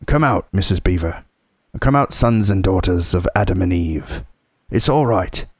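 A man voicing an excited male talking beaver who shouts with eager delight in a storybook reading. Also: deep voice, normal speed, slightly rough, no room sound, studio quality, full character voice.

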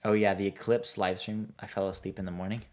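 A man's voice: on the low side, flat delivery, fast talker, darkish tone. A man streaming a building game, reading chat aloud and answering in a rambling, easygoing way. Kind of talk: casual live-stream chat while playing.

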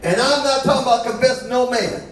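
High-voiced bishop preaching in echoey church. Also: male voice, brisk, a bit bright, distant mic. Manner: conversational preaching with call-and-response. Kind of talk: sermon.

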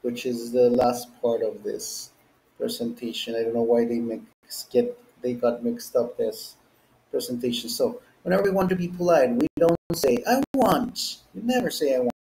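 A man's voice: medium pitch, moderate pace, vocal fry, warm tone, roomy sound, poor audio. A man teaching an English lesson, explaining and modeling example phrases and their stress. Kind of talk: classroom lesson.

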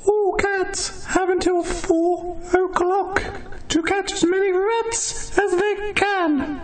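Man playing a fussy high-voiced lady official. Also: steady tone, takes it slowly, poor audio. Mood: announcing. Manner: flustered, formal announcing. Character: fussy woman contest official Sylvania Fulbright. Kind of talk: school panto acting.

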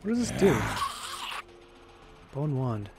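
A young man doing let's play commentary, excitable and given to shouting at enemies in frustration. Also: mid-range voice, slow, heavy background noise. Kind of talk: gameplay commentary.

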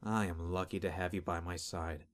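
A man's voice: sits low, fairly even intonation, normal speed, lightly acted. A man voicing a grim, earnest young male sorcerer in a restrained way.

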